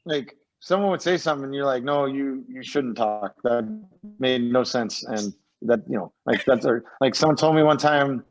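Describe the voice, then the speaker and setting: A man's voice: medium pitch, moderate pace, faint music behind. A man, a former pro hockey player, telling loose, rambling stories as a podcast guest, swearing freely and acting out what others said. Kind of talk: casual podcast storytelling. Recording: dull lo-fi sound.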